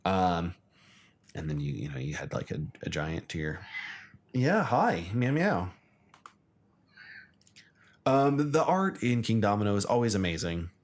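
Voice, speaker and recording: A man from the United States, co-hosting a casual chat, chatty and quick to laugh. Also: low voice, sing-song. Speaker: co-host.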